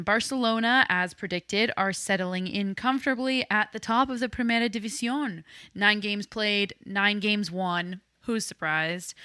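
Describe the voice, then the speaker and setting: Co-host: woman, young, opinionated, bright tense voice, dry sound. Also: mid-range voice, clear, resonant tone, no room sound. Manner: opinionated, laughing easily. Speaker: podcast co-host. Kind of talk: casual sports chat.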